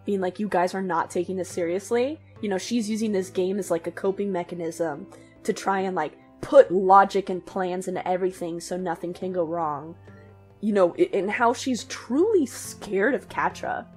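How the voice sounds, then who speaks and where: A woman co-hosting a podcast in casual discussion, chatty and quick to laugh. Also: on the low side, a little mellow, soft background music. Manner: chatty, laughs often, lots of "like" fillers. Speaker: podcast co-host.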